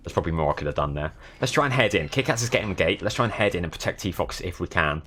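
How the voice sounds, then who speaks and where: A man's voice: low-pitched, expressive, very fast, a bit bright, slight background noise. A young man from the south of England with a southern English accent, commentating on his live gameplay and thanking viewers as they follow. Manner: chatty, thanking viewers while playing. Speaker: streamer.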